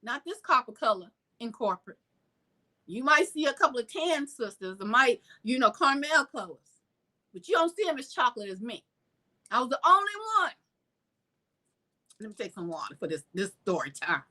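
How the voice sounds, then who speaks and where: A woman vlogger telling a story in a casual, animated, sassy way and acting out the people she quotes. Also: a little high, moderate pace, pauses often.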